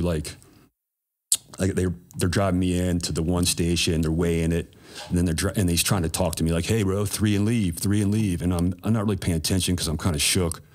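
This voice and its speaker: Male guest, very low voice, loose and profane storyteller. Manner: laid-back, profane, slangy. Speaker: podcast guest. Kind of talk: casual storytelling.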